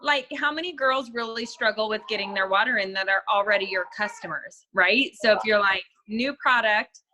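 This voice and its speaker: Brief: bright-voiced woman chiming in on a call. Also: mid-range voice, moderate pace, a little hiss or hum, poor audio. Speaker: team member on the call. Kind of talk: casual team video call. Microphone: video call.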